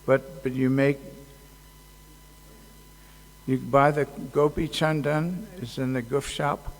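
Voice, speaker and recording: Slow-talking man in a reverberant hall. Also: medium pitch, fairly even intonation. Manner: halting, joking, many fillers. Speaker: speaker at a temple festival. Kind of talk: casual devotional talk.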